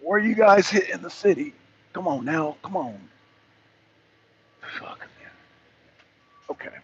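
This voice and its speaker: A talk show host with a high-sitting, expressive voice chats loosely with viewers during a casual live-stream, speaking at a moderate pace. The stream sounds dull and lo-fi, with faint noise.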